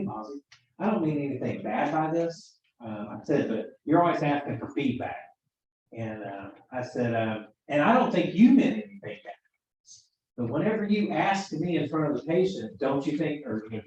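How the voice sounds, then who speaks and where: A man's voice: fairly high pitch, very animated, normal speed, darkish tone. A man teaching a class for emergency medical technicians, telling work stories and acting out the dialogue. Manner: chatty storyteller, acts out quoted dialogue. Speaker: EMT instructor. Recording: echoey room, far from mic, dull sound.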